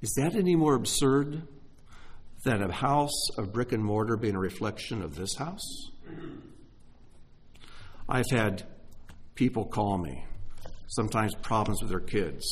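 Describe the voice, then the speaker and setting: A middle-aged man delivers a sermon in a slightly husky voice. His pitch moves a lot, dropping to hushed, heartfelt asides and rising into excited exclamations. He talks with open emotion. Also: measured pace, long pauses. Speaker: pastor.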